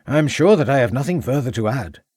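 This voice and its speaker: Loud Welsh headmaster, guarded and formal, read by a male narrator, dry close sound. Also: medium pitch, animated, husky, dry recording, voice pushed up. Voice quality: loud, measured.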